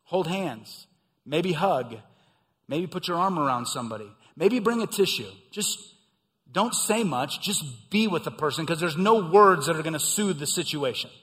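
A middle-aged male pastor delivers a sermon in a slightly raised voice. He swells to emphatic peaks and sinks back to hushed, low lines. A long reverb trails his words through the hall. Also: expressive, normal speed. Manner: preaching with swells of emphasis and quiet drops.

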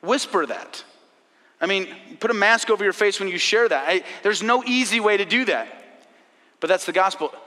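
A man's voice: high voice, normal speed, sharp tone. A man preaching a sermon as pastor, urgent and full of rhetorical questions. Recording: long hall reverb.

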